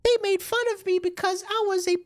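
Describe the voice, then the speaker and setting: A man's voice: very high-pitched, fairly even intonation, pitched above the performer's own voice. A man doing a sobbing childish girl character. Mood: whiny sobbing. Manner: wailing, drawn-out mockery. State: fake crying.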